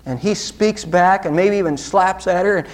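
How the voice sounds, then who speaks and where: A man's voice: sits high, moderate pace. A male pastor preaching a sermon, earnest and direct, with pointed rhetorical questions to the congregation.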